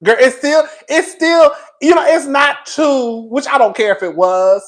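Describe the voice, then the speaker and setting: A man's voice: very high-pitched, a little slow. Vlog host, male; brash, profane, chatty storyteller. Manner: loud, sassy, profane, laughs a lot. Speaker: YouTube commentary host.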